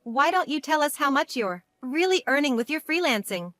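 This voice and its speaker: A self-centered adult brother, read by a woman narrator in a family drama story. The lines come out plain and read-out, in a slightly high voice on a dry, close recording. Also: big pitch swings, normal speed, fairly bright tone, no room sound. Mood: scornful.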